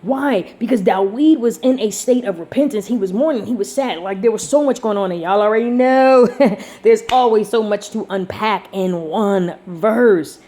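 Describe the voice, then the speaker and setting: A woman's voice: mid-range voice, normal speed, warm tone. A woman teaching Bible study in a casual style. She speaks enthusiastically, breaks into "woo" and "ooh", and keeps checking in with her listeners. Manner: constantly checks in with the audience with "y'all" and "right?"; lots of fillers and restarts. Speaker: Bible teacher and channel host.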